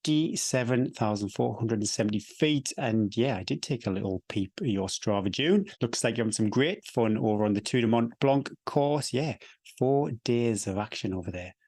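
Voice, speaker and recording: A man's voice: mid-range voice, animated, moderate pace, darkish tone, dry recording. A man co-hosting a running podcast, chatty and easygoing, reading out listener messages and laughing often. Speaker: podcast co-host. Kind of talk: casual podcast chat.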